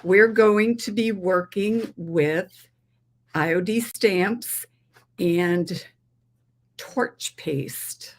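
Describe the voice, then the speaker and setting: A woman hosting a relaxed craft livestream speaks in a lower voice with a put-on Southern drawl. She talks slowly and rambles, chatting with her viewers as she demonstrates. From New England. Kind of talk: casual craft livestream demo.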